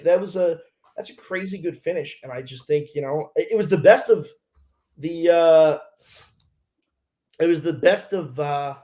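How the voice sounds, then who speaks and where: Man race driver, animated storytelling, fairly high voice, swears freely. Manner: animated, acts out radio exchanges, swears freely. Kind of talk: casual storytelling interview.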